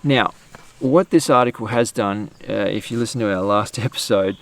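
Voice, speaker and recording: A man's voice: lowish voice, normal speed. An Australian man hosting an outdoor podcast, chatting casually and rambling with fillers and restarts. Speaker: podcast host.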